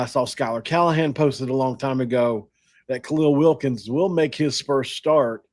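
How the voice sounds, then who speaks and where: A man hosting a sports podcast, talking casually and in a rambling, self-deprecating way with frequent laughs. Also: mid-range voice. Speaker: podcast host.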